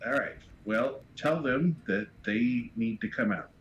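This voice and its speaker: A man playing in a tabletop game, speaking in a deliberate, commanding way. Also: mid-range voice, expressive, highs cut off. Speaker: player. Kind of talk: in-character tabletop play. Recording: faint background noise.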